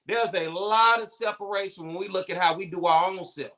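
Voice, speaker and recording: A man with a high, bright, forceful voice talks bluntly in a casual podcast chat. He cusses freely and acts out the people in his stories. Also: a little fast. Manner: blunt, animated storytelling with profanity. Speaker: co-host.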